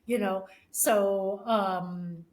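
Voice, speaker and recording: A middle-aged woman, a podcast guest, telling a personal story with many restarts and pauses, often emotional. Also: mid-range voice, fairly even intonation, a little mellow. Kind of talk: casual conversation.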